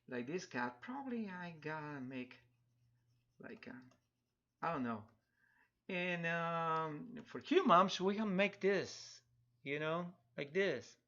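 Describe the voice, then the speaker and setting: A middle-aged man with a Spanish accent chats loosely while he draws, chuckling, restarting and filling pauses as he goes. His voice sits a little high and sounds bright, and the stream audio is dull and lo-fi. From Spanish-speaking country. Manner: rambling, chuckling, many restarts and fillers. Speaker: digital artist streaming a drawing tutorial. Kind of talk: casual live-stream chat while drawing.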